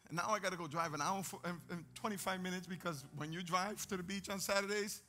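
A man preaching a sermon to his church, telling a story in an animated way and acting out the voices in it. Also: high voice, quick pace. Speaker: pastor.

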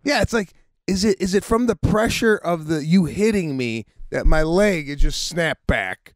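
A man co-hosting a podcast in casual chat, telling stories in an animated way and acting out what people said. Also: fairly high pitch, normal speed, no echo, studio quality. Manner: animated storytelling, acts out quotes, swears. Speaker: podcast co-host.

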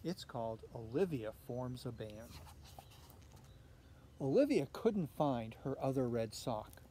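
Man reading a picture book aloud, lively and warm. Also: medium pitch, slow, slight background noise. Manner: friendly, expressive storyteller. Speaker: storybook reader at a church.

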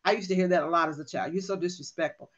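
On a lo-fi recording, an older motivational speaker talks candidly and emphatically, playing out her inner dialogue in conversational style. Her voice is on the low side with fairly even intonation, and she speaks rapid-fire.

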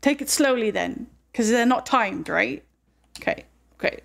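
A woman's voice: a little high, expressive, measured pace, creaky. A woman giving chatty let's play commentary, easily flustered and talking to herself and the game. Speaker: gaming host. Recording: game music under voice. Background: game music.

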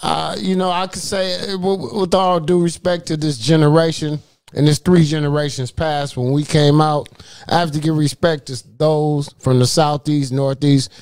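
A man from Southern California who is a rapper guest, talking in a playful, laid-back, drawn-out way in a casual radio interview. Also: a little high, steady tone, darkish tone, clear, resonant tone, dry recording.

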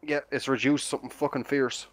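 A man's voice: mid-range voice, little pitch movement, fairly quick, no room sound. A man chatting with friends over voice chat, swearing and giving advice on gear. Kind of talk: casual chat among friends.

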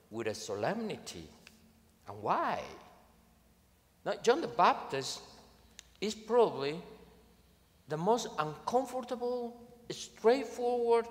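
Animated male priest preaching in a hall. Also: on the high side. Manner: animated and emphatic, with dry humor. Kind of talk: sermon. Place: large conference venue.

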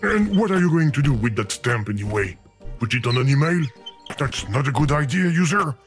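A man's voice: mid-range voice, lively intonation, brisk, faint music behind, natural voice. A man voicing a talking video game that frets over and scolds the player in a theatrical way. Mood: exasperated.

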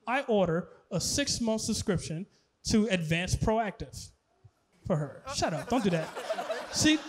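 A man performing a stand-up comedy set on stage, animated, laughing and shouting at his punchlines. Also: very high voice. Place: comedy stage before a live audience.

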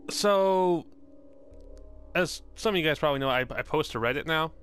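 A man's voice: on the high side, fast talker, a bit bright, smooth, faint music behind. A man casually commenting while playing a video game, rambling and joking and swearing now and then. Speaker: gaming video host. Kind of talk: casual let's-play commentary.

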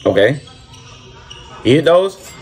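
A man doing excited reaction commentary over a basketball video, repeating himself and talking in slang. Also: on the high side, takes it slowly. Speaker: reaction streamer.

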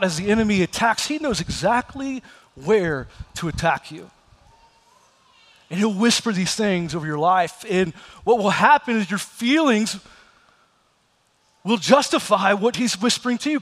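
A man's voice: high voice, expressive, a little slow, a bit bright, in a large hall. A man preaching a sermon as pastor, telling stories and acting out the voices of the people in them. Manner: storytelling, acts out quoted voices. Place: church sanctuary.

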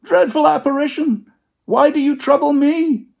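A man reading a story aloud, voicing a caustic, cold old miser in a high, nearly shouting voice. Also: sing-song, measured pace. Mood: frightened.

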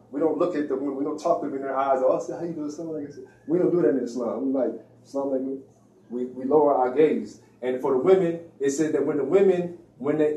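A religious speaker delivers an informal lecture in a preachy, slangy way, acting out the voices he quotes. His tone is mellow and a bit high. He's recorded off-mic in an echoey room, with the microphone at a distance.

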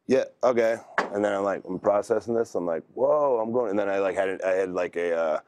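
A man's voice: deep voice, fairly even intonation, a little fast, noisy background. A man in his thirties telling stories in a laid-back, rambling way as an interview guest. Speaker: wrestler guest. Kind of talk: casual interview talk.

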